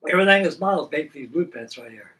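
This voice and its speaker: A man's voice: on the high side, expressive, rapid-fire, fairly bright tone. Folksy, rambling man, far from mic. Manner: rambling, folksy, swears casually. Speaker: model builder hosting a live stream. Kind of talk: casual live-stream chat while working.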